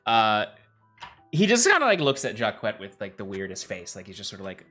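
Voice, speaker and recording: Male game master with a low voice; loose, filler-heavy narration over soft music. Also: big pitch swings, fairly quick.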